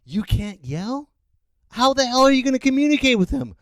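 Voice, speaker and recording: A middle-aged man rants on his podcast in a high, wildly swinging voice. He sounds incredulous and breaks into shouts now and then. The sound is dry and close. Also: a little fast, no room sound. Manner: incredulous, animated ranting with shouted outbursts. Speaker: podcast host. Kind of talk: ranting monologue.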